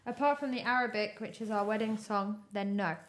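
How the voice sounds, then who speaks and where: A woman co-hosting a podcast in casual chat, teasing with quick quips. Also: medium pitch. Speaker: podcast co-host.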